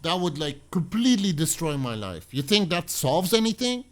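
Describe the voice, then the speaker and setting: A man commenting on a video in an animated, argumentative way, often acting out quotes. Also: on the high side, normal speed. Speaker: true crime reaction commentator. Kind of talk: reaction commentary.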